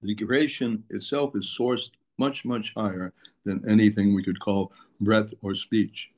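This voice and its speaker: Man, lowish voice, patient teacher glossing pronounced terms in English. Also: steady tone, a little slow, darkish tone. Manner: explanatory, repeats and restates terms, mixes Hebrew terms into English. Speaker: Torah teacher. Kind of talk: daily text lesson.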